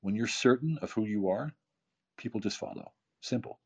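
A man's voice: lowish voice, moderate pace, breathy edge. A man in his fifties, a podcast guest giving an emphatic motivational talk full of rhetorical questions and repeated phrases. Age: 50s. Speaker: podcast guest, keynote speaker and author.

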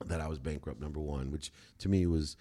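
A man's voice: rumbling low, brisk. A middle-aged man, a podcast guest, telling a candid personal story in an emphatic way. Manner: emphatic, animated when quoting himself.

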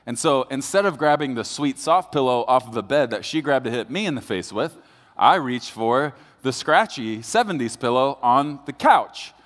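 A man's voice: medium pitch, moderate pace. A man preaching a sermon as pastor, telling a story with jokes and building to serious points. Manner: storytelling, animated and joking. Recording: long hall reverb.

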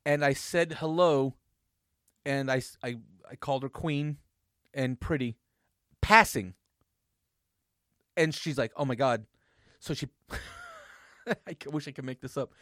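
A man's voice: mid-range voice, unhurried, pauses often, no room sound, studio quality. A man co-hosting a radio show, chatting casually, laughing often and telling stories with lots of energy. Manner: animated, laughs often, storytelling. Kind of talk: casual on-air banter.

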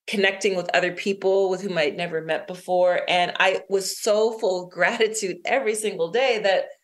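A middle-aged woman, an interview guest and author, telling a personal story in conversation, lively and quick to laugh. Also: fairly low pitch.

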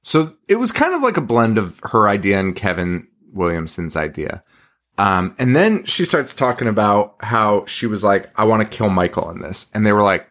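A man's voice: fairly low pitch, sing-song, normal speed, fairly bright tone. A man co-hosting a horror podcast in casual chat, loose and profane, leaning on "like" and "um" as he retells behind-the-scenes stories. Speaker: podcast co-host.

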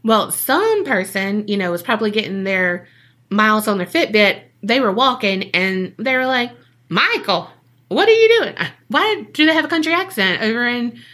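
Woman, podcast co-host, bright and slightly high, casual profane storyteller who acts out her quotes. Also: expressive, normal speed. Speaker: podcast co-host telling a case. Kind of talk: casual true-crime storytelling.

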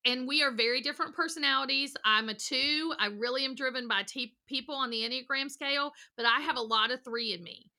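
A woman's voice: sits high, a little fast, few pauses. A middle-aged woman counselor giving a podcast interview, talking with energy and acting out little voices as she tells stories. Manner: energetic, animated storytelling with acted voices. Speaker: counselor and guest.

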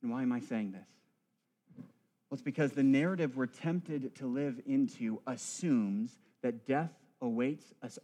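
A man's voice: medium pitch, darkish tone. A male priest delivering a church sermon with rhythmic, building emphasis and wry asides.

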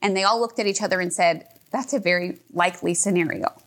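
A woman's voice: lowish voice, quick pace, fairly bright tone. A young adult woman telling a personal story in a casual, chatty way, filling her talk with "like" and growing emotional as she retells it.

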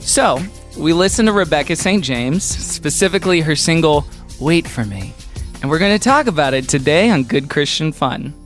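A man's voice: a little high, expressive, moderate pace, faint music behind. A man co-hosting a comedic podcast, talking in a wry, joking way and laughing often. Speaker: podcast co-host.

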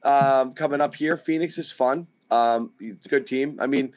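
A man's voice: mid-range voice, moderate pace, darkish tone, dry recording. A man co-hosting a casual basketball podcast, joking and teasing the other hosts. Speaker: podcast co-host.

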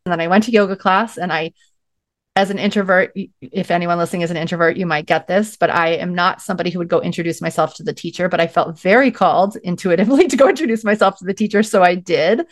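A woman's voice: lowish voice, fast talker, no room sound, clean studio sound. A middle-aged woman, a podcast guest, telling her story in a casual, chatty way, full of "like"s and acting out what she said to herself. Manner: chatty, many "like"s, acts out her own quotes.

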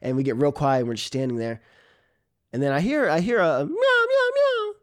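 A man, a comedian, telling a personal story on stage in an animated way, often laughing and imitating a cat's meows. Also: mid-range voice, quick pace. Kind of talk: live storytelling.

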